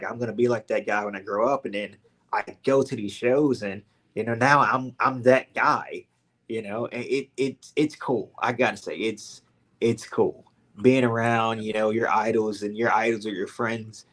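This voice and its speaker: A man's voice: mid-range voice, fairly bright tone. A young man from Louisiana with a Southern accent, a podcast guest telling his story casually and animatedly, full of "like" and "man". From Louisiana, USA.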